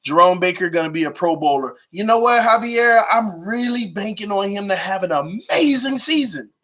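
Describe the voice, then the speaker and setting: Young male live-stream sports host, high bright voice, slangy and animated. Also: moderate pace. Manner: animated, slangy, reads chat aloud, urges viewers.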